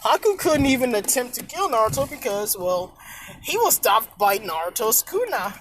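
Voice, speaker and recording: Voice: mid-range voice, very animated, moderate pace, a bit bright, slight background noise, rough recording. A fan storyteller telling an improvised what-if tale in a rambling, self-correcting way, with some casual swearing.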